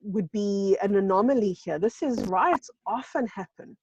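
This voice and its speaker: An emphatic woman from South Africa talks over a video call, her voice mellow and dark. The sound is dry and somewhat dull, with no room around it. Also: mid-range voice, moderate pace, breathy edge, dry recording. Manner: emphatic, repeats phrases for stress. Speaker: show co-host. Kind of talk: casual video-call chat. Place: home in a seaside village.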